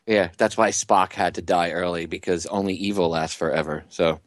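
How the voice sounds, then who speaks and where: A man's voice: deep voice, steady tone, normal speed, dry recording, studio quality. A man co-hosting a talk radio show, telling rambling, conspiratorial stories in casual banter. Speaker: radio co-host.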